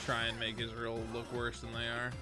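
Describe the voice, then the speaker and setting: A man streaming a video game, chatting casually with animated, exasperated rants. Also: mid-range voice, normal speed. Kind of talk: casual chat while gaming. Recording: game music under the voice. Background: video game music.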